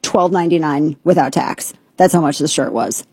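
A woman hosts a talk show in a brash, sarcastic way. Her voice is mellow and a little husky. The sound is dry and close, with no room around it. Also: sits low, moderate pace, no echo. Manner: brash, sarcastic, mocking impressions. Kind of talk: opinionated radio talk.

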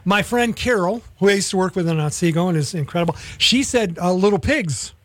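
A man's voice: sits high, expressive, fairly quick, no room sound. A middle-aged man hosting a local morning radio show, chatting casually and nostalgically with many restarts. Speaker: radio host.

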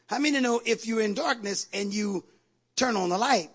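A man preaching a sermon, moving from quiet asides to shouted exhortations and calling out to the congregation. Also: sits high, normal speed, husky. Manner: call-and-response exhortations to the congregation.

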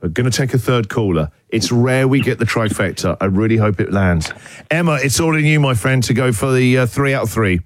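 A man's voice: mid-range voice, lively intonation. A man hosting a radio call-in show, teasing callers and joking. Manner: jokey, quick to laugh and tease callers. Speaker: radio breakfast show host. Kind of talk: lively call-in chat.

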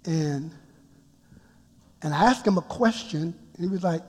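A man preaching a sermon, telling his story with emphatic build-ups that rise toward shouts. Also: a little high, measured pace. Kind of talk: sermon testimony. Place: church sanctuary before a congregation. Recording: long reverb of a large hall.

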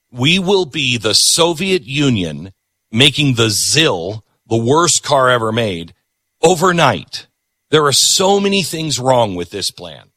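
Emphatic, animated male talk host. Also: mid-range voice, no room sound. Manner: emphatic, repetitive, punchy. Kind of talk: opinionated political commentary.

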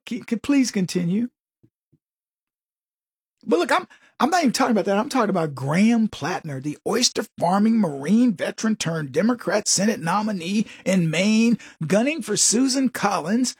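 A man's voice: high-pitched, expressive, normal speed, slightly rough, no room sound, studio quality. A man delivering a sarcastic, folksy political commentary monologue full of joking asides.

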